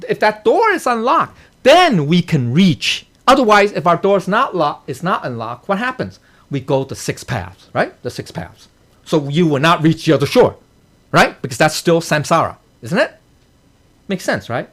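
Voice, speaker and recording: A man's voice: on the high side, very animated, moderate pace, fairly bright tone. A man teaching a class on a sutra at a temple, explaining term by term, dropping "okay?" and "right?" after nearly every phrase and chuckling at his own jokes. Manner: checks in constantly with "okay?" and "right?". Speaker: dharma teacher.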